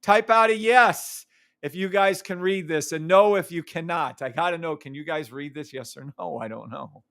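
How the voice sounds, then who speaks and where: A man's voice: on the high side, moderate pace, gravelly, a bit bright, dry recording, clean studio sound. A man hosting a live trading stream, explaining charts in a hyped, teasing chat with his viewers and humming along.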